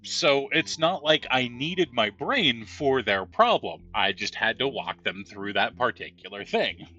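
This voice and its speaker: A man's voice: mid-range voice, big pitch swings, measured pace, pushed and bright, muffled recording. A man telling rambling anecdotes with laughs while giving casual gameplay commentary. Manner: rambling, chatty storytelling with laughs. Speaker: gameplay streamer.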